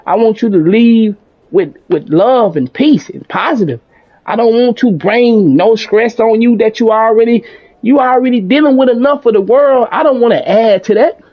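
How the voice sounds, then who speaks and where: A man with a fairly high voice talks through his thoughts on a gaming stream, calm and rambling, often restarting his sentences. The audio is dull and lo-fi, like a home stream setup. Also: moderate pace. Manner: calm, rambling and self-reflective with frequent restarts; casual speech with mild swearing. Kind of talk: reflective casual monologue.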